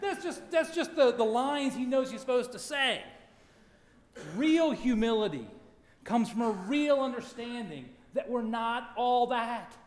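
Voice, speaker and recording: A middle-aged man preaching a sermon, reading scripture emphatically and dropping to quiet asides. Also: very high-pitched. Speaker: pastor. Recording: long hall reverb.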